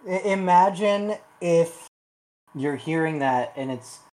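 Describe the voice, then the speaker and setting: A man co-hosting a podcast, reading part of a story and chatting in a relaxed way. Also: fairly high pitch, slow pace. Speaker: podcast co-host. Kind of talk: casual story reading and chat.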